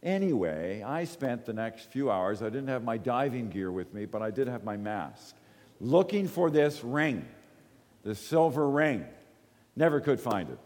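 A male preacher mixes stories into his sermon in an easy, talking-to-friends way, often tossing a quick check-in to the room. His voice sits mid-range for a man. The sound rings with the long reverb of a large church hall. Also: medium pitch. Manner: animated storyteller, often asks the room "right?". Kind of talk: conversational sermon with storytelling.

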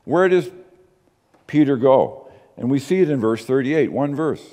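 Male pastor, sermon delivery, animated intonation, emphatic and questioning. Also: medium pitch, big-room sound. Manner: emphatic, with rhetorical questions and slow stressed words.

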